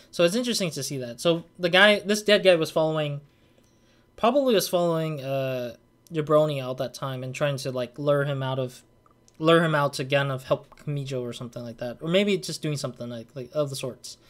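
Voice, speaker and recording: Rambling young man with a higher voice. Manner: rambling, thinking aloud with many "like" and "kind of". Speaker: let's play gamer. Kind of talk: casual game commentary.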